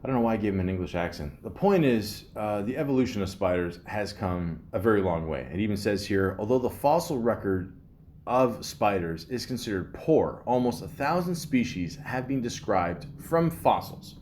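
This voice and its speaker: A low-voiced man hosts a podcast in a loose, rambling monologue. He swears freely and pads his talk with "you know" and "uh". He reads bits of fact aloud, then riffs on them. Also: animated, moderate pace, darkish tone, slight background noise. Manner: rambling, profane, filler-heavy. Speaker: podcast host.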